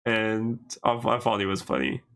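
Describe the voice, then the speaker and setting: Bright-voiced animated man co-hosting a podcast. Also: fairly low pitch, moderate pace. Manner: animated, restarts often, laughs easily. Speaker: podcast co-host. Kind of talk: casual chat.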